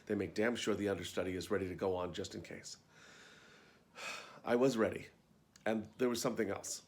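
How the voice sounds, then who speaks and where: A man reads his own memoir about life backstage, telling it wryly and conversationally, as if to a friend. His voice sits low, with a gravelly rasp at the bottom of his register. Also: normal speed. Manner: wry, conversational storytelling. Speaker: actor and storyteller.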